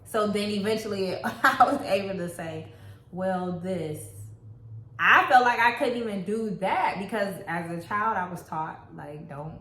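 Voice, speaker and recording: A woman's voice: mid-range voice, moderate pace, hardly any pauses, sharp tone, reverberant. A woman co-hosting a casual relationship talk, telling her own story in a candid, reflective way. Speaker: co-host.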